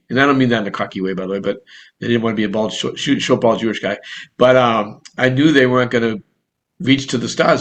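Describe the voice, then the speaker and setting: Energetic Boston-accented man. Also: medium pitch. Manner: energetic, rapid, rambling with restarts. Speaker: real estate broker and coach. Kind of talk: casual online group talk.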